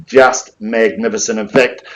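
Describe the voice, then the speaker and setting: A man with a New Zealand accent calling a live property auction in a room, mixing flowery sales patter with a rapid chant of bids. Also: on the low side, steady tone, a little hiss or hum, rough recording.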